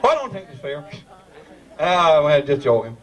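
The master of ceremonies, a Newfoundlander speaking in broad dialect, teases and jokes his way through a live community ceremony. His slightly high, fairly bright voice has big pitch swings at normal speed, and the mic sits far off over the crowd.

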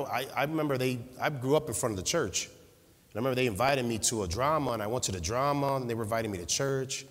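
A man preaching a sermon in a church, swinging from loud fervent calls to quiet personal storytelling. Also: medium pitch. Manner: impassioned, rising to shouts then dropping to quiet storytelling. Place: church sanctuary. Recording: husky voice in a long-reverb hall.

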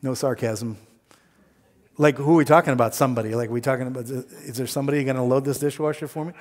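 A man preaching a sermon, telling a story with lively quoted voices and plain talk. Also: medium pitch, fast. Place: church sanctuary. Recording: long hall reverb.

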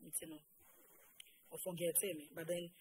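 A Ghanaian woman recounting her life story in an interview, mixing Twi and English in a halting, soft way. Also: deep voice, level tone, slight background noise, poor audio.

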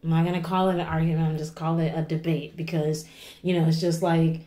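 Still tearful after crying, the woman in her forties keeps rambling to her vlog viewers, peppering her talk with "okay?" and "you know?". She has a deep, warm voice with little pitch movement, moving fairly quickly in an echoey room.

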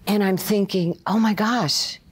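A woman, an interview guest telling animated stories and acting out the voices of other people. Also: medium pitch, a little slow, breathy edge. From Brooklyn, USA. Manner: animated, acts out quoted voices. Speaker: interview guest, former player and coach. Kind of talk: storytelling interview.

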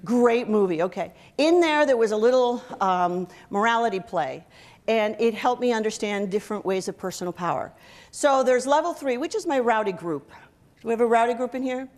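Woman, middle-aged, slightly high-pitched, humorous workshop speaker, lively, engages the audience. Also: normal speed. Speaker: motivational speaker. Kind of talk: humorous workshop talk to soldiers. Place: event hall before a live audience.

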